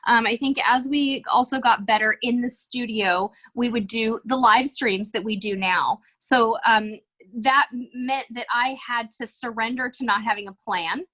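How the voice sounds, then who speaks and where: A woman's voice: fairly high pitch, normal speed, pushed and bright. A middle-aged woman, a cruise vlogger, talking earnestly and reflectively as a guest in a podcast interview. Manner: earnest, reflective, self-aware.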